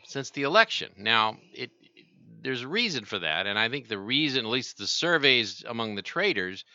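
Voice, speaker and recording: A man's voice: medium pitch, pushed and bright, smooth, no echo, muffled recording. A man hosting a call-in radio talk show, explaining markets in a rambling way with many restarts.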